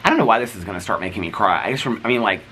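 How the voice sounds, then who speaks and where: A man's voice: lowish voice, rapid-fire, sharp tone, slight background noise, poor audio. A man vlogging in casual chat, rambling as he retells stories and acts out what people said. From United States. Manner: rambling, retells scenes acting out each line.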